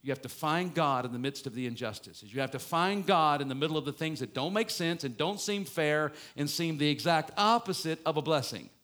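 A man preaching a sermon as a pastor, swinging between loud emphatic passages and quiet reflective ones. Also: fairly high pitch, lively intonation, a little fast, hardly any pauses. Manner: preaching with strong rises and falls, mock-gloating asides.

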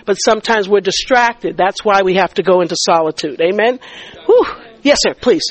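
A woman's voice: mid-range voice, normal speed, low-quality recording. A middle-aged woman giving a faith testimony and teaching, telling her story vividly and acting out the dialogue. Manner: animated storyteller who acts out dialogue and stammers in excitement. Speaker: speaker teaching a faith group.

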